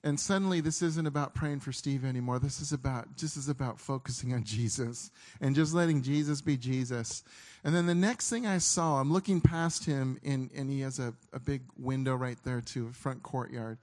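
A man's voice: medium pitch, a little mellow. A middle-aged man preaching a sermon, telling a story in an earnest way that halts and restarts often. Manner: earnest, halting, with frequent restarts.

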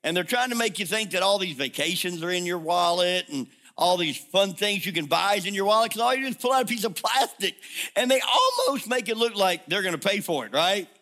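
A middle-aged man preaching a sermon as pastor, telling animated stories with humor and asides to his congregation. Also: sits high, fairly quick.

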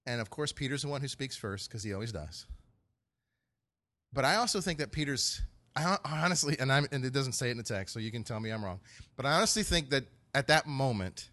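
Male pastor, animated sermon, lively pitch swings, playful voices for quotes. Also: a little fast.

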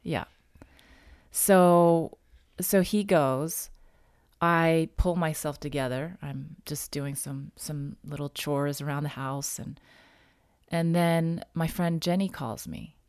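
A woman with a low voice tells a personal story in a relaxed conversational way. She is reflective and halting and often restarts her sentences. The sound is dry and close. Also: clear, resonant tone, no room sound. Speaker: podcast guest sharing a personal story.

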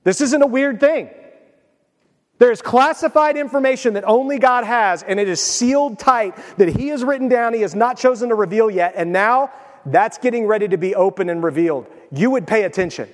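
A man preaching a sermon as a pastor, animated, swinging between loud bursts and hushed, quiet passages. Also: sits high, a little fast. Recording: long hall reverb.

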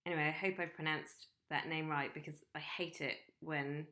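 A woman's voice: deep voice, fairly even intonation, moderate pace, bright, forceful tone. A woman host and coach talking in a casual monologue, blunt and emphatic, swearing freely. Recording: roomy echo.

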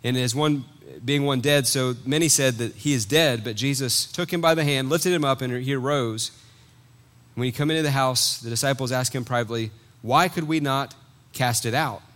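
A man with a high voice preaches a sermon. He reads the verses and then talks them through, repeating a word now and then as he gathers his thought. His voice swells into loud, emphatic peaks. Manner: repeats words while thinking aloud.

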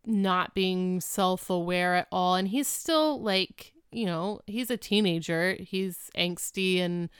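A woman's voice: on the low side, takes it slowly, few pauses, smooth, no room sound. Chatty woman podcast co-host, dry mic. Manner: chatty, lots of "like" fillers. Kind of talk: casual chat recapping a sitcom.

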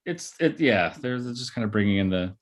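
A fairly low-pitched male therapist talks through an idea at an easy podcast pace. He keeps checking in with listeners using "right?" and "you know". He slips into the voices of the people he describes. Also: expressive, moderate pace. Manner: acts out quoted voices. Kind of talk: explanatory podcast talk.

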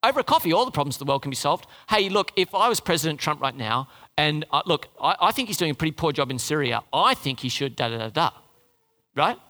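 A man preaching a sermon in an animated, joking manner, asking the audience questions. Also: a little high, fast talker, big-room sound.

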